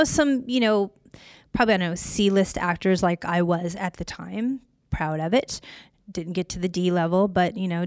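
A woman in her fifties tells a story on her podcast, animated and sarcastic, with frequent laughs. Her voice sits in a middle pitch. She is recorded close and dry. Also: clear, resonant tone, dry recording. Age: 50s. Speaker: podcast host. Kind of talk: storytelling monologue.

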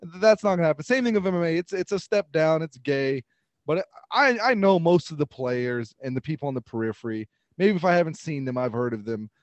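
A man's voice: a little high, expressive, brisk, no echo. A man co-hosting a podcast in casual chat, rambling with frequent laughs and restarts. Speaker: podcast co-host.

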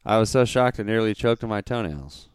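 A man chats casually on a podcast, reeling off dad jokes and cracking himself up as he goes. His voice sits low and comes across smooth and clean. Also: animated, fairly quick, no echo. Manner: giggly, breaks into laughter mid-joke. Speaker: podcast co-host.

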